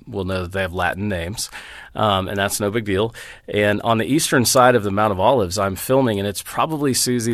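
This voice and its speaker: A man's voice: lowish voice, a bit bright, no echo, clean studio sound. A middle-aged man, a Bible teacher, speaking as a guest in an interview, earnest and storytelling as he walks through scripture references. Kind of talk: interview conversation.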